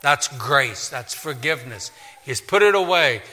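A male pastor preaching a sermon in a church, emphatic, swinging from loud declaring to quiet pleading. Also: mid-range voice, lively intonation, unhurried. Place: church sanctuary. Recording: long reverb of a large hall.

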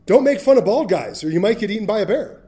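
A man's voice: high voice, expressive, fast talker, dark tone. A middle-aged man preaching a sermon, telling a Bible story with humor and acting out voices. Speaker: pastor.

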